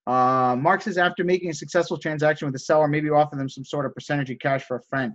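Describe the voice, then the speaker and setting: A man with a high-pitched voice hosts a casual live stream, answering viewers' questions with upbeat, salesman-like enthusiasm. The sound is dull and lo-fi. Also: fairly even intonation, fast, a bit bright. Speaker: host of a live stream teaching resale negotiation. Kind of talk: casual live-stream coaching, reading chat messages.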